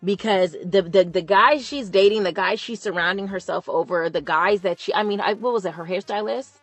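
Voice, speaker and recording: A woman's voice: medium pitch, a little fast, no echo, soft background music. A young woman ranting casually about someone online, talking in an emphatic, chatty way and stretching out words for stress. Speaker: commentator. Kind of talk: casual opinion rant.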